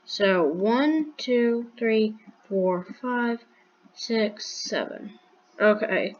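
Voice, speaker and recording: A woman narrates her block-game build at an unhurried pace, pausing to count and restarting her sentences as she works things out. Her voice sits a little high, and her humor is dry and sarcastic. The recording sounds muffled and lo-fi. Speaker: gaming video creator. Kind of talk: casual Minecraft build commentary.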